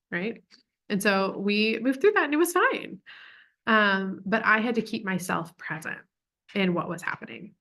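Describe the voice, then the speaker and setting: A woman's voice: medium pitch, expressive, normal speed, pushed and bright. A young woman talking through a parenting lesson in a casual, chatty way, with plenty of "like" and "um". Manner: chatty, full of "like" and "um" fillers. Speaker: parent educator. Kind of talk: casual teaching talk.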